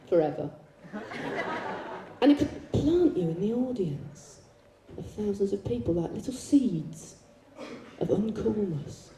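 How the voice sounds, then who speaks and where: A woman's voice: medium pitch, animated, measured pace, pauses often, mellow, recorded from a distance. A woman performing a live stage monologue and a poetry reading, teasing the audience with playful banter. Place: large concert hall, live show. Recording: echoey hall recording.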